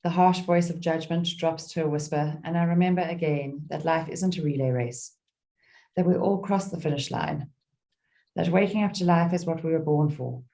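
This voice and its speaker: A middle-aged woman leading a guided meditation and reading a poem aloud, speaking slowly and soothingly with gentle pauses. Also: low voice.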